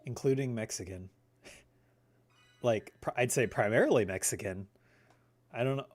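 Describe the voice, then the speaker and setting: A man's voice: medium pitch, normal speed. A young man streaming a game live, chatting casually with lots of laughter and rambling asides. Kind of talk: casual live gameplay chat.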